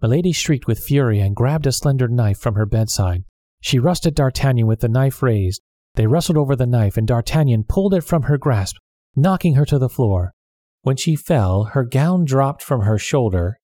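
A man reading a storybook aloud in a calm, steady manner. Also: medium pitch, moderate pace, dry recording, studio quality. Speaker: narrator. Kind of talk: storybook narration.

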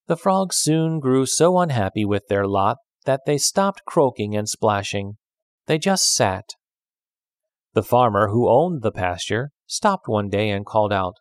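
A man reading a children's fable aloud, with an expressive storytelling delivery. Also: fairly low pitch, a little slow, no room sound, clean studio sound.

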